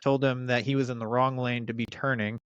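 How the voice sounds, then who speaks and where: Smooth-voiced man, cursing storyteller. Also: mid-range voice, little pitch movement, brisk, fairly bright tone, no echo, highs cut off. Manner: profane storytelling with frequent fillers and restarts. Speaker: podcast guest. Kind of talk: casual chat.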